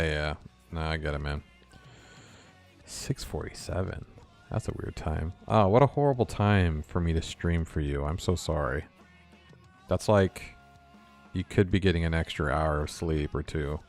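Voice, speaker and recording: A young man from California chats loosely with his live-stream viewers while writing code. His voice sits very low with a gravelly fry. He laughs easily as he talks, and soft guitar music plays faintly behind him. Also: measured pace, long pauses. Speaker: game developer streaming. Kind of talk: casual live-stream chat while coding.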